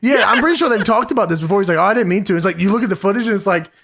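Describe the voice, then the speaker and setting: A man's voice: high voice, lively intonation, rapid-fire, crowd noise. A man co-hosting a casual podcast, retelling events with profanity and frequent laughter. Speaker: podcast co-host.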